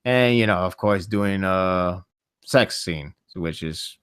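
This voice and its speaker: A man hosting a casual podcast chat, rambling and animated, laughing often. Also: deep voice, slow pace, clean tone, dry recording, clean studio sound. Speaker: podcast host.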